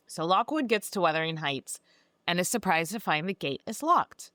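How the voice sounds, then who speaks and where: A woman's voice: on the low side, lively intonation, moderate pace, sharp tone, dry recording, clean studio sound. A woman podcast host giving a casual, sarcastic and profane recap of a book.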